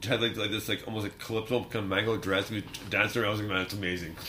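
A podcast co-host tells stories in a casual, rambling chat, laughing often and using many fillers. His voice is on the low side, with a little hiss or hum.

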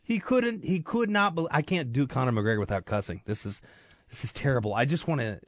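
A man's voice: mid-range voice, expressive, quick pace, no echo. A man filling in as host on a sports radio show, chatting casually in a joking, rambling, self-deprecating way at a studio mic. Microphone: studio microphone.

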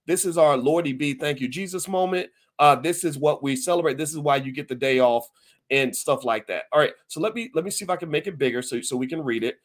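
A man hosting his own podcast, talking to listeners in a folksy, emphatic, animated way and often restarting his sentences. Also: on the high side, fast talker. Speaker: podcast host. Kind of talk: casual commentary to listeners.

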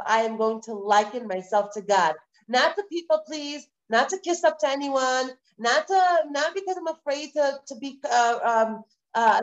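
A woman teaching a live online Torah class, lecturing in a lively, conversational way with repeated phrases and rhetorical questions. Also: high voice, muffled recording. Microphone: video call.

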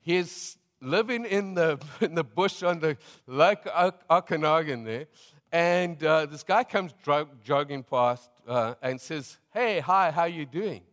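A middle-aged South African man preaches from the pulpit with a slightly high voice, telling stories in a loose, conversational way and laughing often. His voice carries a long reverb, as in a large hall. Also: takes it slowly, fairly bright tone. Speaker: pastor. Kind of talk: sermon.

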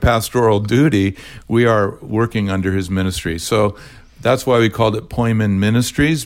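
Older man, measured retired pastor. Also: fairly low pitch. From California. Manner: measured, explanatory, spells words out. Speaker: retired pastor, ministry founder. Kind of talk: podcast conversation.

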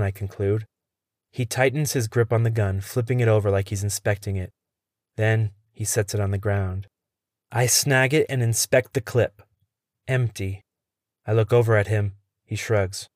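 A man reading a first-person horror story in a steady, tense delivery. His voice sits low, and the sound is dry and close, with no room around it. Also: moderate pace, no room sound.

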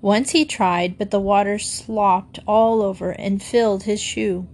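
A woman reading a children's book aloud to listeners in a gently expressive way. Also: mid-range voice, a little slow. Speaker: storyteller.

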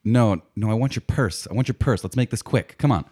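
A man's voice: on the low side, a little fast, darkish tone, husky, voice pushed up. Man playing a vain, bossy street burglar. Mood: demanding. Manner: brash, demanding, then preening. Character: vain, easily flattered male street burglar.

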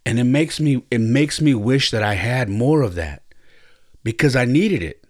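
A man's voice: mid-range voice, animated, moderate pace. A man hosting a podcast, telling a personal story in a reflective, earnest way, often stopping and restarting his sentences. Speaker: podcast host.

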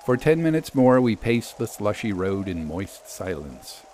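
A man narrating a literary story in the first person, measured and storytelling. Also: fairly low pitch, sing-song, darkish tone, a little hiss or hum. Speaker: reader.

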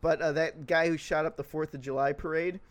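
A man's voice: on the high side, fairly even intonation, fairly quick. A man chatting casually, rambling through a comic story with lots of fillers and laughter. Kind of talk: casual comedic chat.

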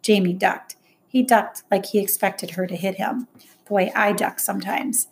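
A woman reading a first-person novel aloud in plain, measured storytelling. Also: mid-range voice, fairly even intonation, slight background noise. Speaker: audiobook narrator. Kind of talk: first-person audiobook narration.

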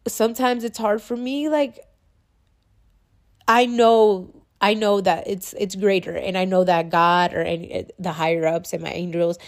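A woman's voice: medium pitch, darkish tone. A young woman talking candidly in a personal vlog, casual and confessional, using "like" and "bro" a lot and swearing freely. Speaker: vlogger.

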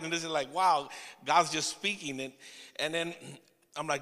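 A man preaching a testimony sermon to his church, telling the story with laughing asides and halting restarts. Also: on the high side, sharp tone, in a large hall. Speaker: pastor.

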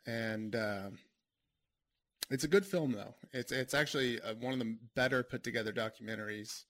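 A man's voice: mid-range voice, moderate pace, a bit bright. A man co-hosting a podcast, chatting casually, laughing often and rambling through long explanations. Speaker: podcast co-host. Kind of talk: casual chat.

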